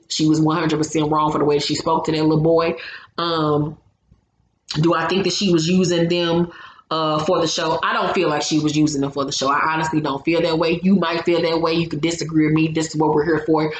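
A woman's voice: sits low, flat delivery, brisk. Blunt woman recapping in a roomy space. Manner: blunt, opinionated, salty language. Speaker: show recap host. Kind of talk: casual reality-show recap. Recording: roomy echo, faint background hum.

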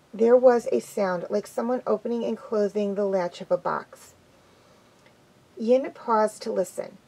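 A woman's voice: on the high side, warm tone, poor audio. A woman reading a children's adventure story aloud, with an unpolished delivery that stumbles and restarts now and then.

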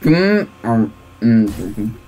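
A gaming video host giving let's-play commentary, excitable and prone to shrieking and laughing between quieter musing. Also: medium pitch, extremely slow.

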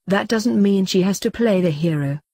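A woman voicing an ancient, menacing male hybrid who growls slowly. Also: mid-range voice, mellow, breathy edge, dry recording, studio quality. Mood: growling. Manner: growling and slow.

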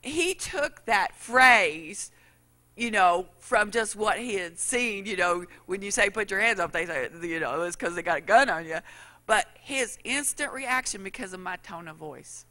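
Bright-voiced woman preaching. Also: medium pitch, lively intonation, a little slow. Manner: folksy storytelling, acts out quotes. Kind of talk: sermon.

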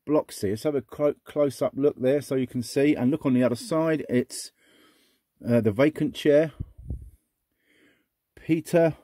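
A middle-aged man chatting casually as he sorts through a box of old records, muttering asides and breaking into excited exclamations. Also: mid-range voice, unhurried, pauses often, dry recording. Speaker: record collector vlogger. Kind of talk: casual unboxing chat.

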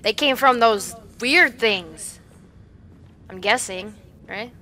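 A woman commentating while she plays a horror game, jumpy and swinging between hushed muttering and panicked yelling. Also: fairly high pitch, slow. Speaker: gaming video creator.

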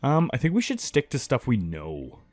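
A man's voice: medium pitch, wildly swooping pitch, normal speed, darkish tone, no echo, faint music behind. A young man hosting a let's play, bantering casually and trailing off into mumbles while he plays. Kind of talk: casual gameplay commentary.

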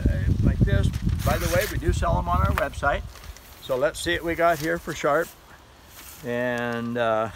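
A man's voice: on the high side, a little hiss or hum, rough recording. A man casually demonstrating and selling a folding credit card knife, rambling in a chatty way and laughing at his own fumbles. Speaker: knife seller demonstrating a product. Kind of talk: casual product demo vlog.

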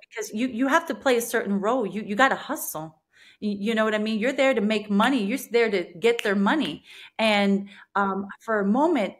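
Earnest woman sharing a faith testimony. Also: medium pitch. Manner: earnest, emotional, frequent restarts. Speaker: podcast guest.

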